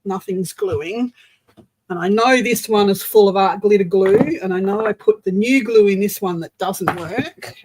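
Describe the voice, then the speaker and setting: A woman's voice: medium pitch, normal speed, few pauses, a crowd in the background, low-quality recording. An Australian woman hosting a casual crafting livestream, chatting to viewers as she glues and assembles a project. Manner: chatty, talks while working with her hands.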